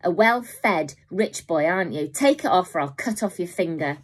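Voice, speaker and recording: A woman voicing a rough, menacing female robber who sneers and threatens. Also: lowish voice, animated, normal speed.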